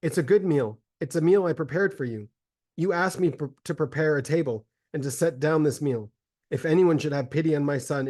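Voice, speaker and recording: A man voicing a starving, grief-mad mother in a solemn, measured dramatic reading of a religious text. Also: fairly high pitch, a little mellow, natural voice. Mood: bitter accusing.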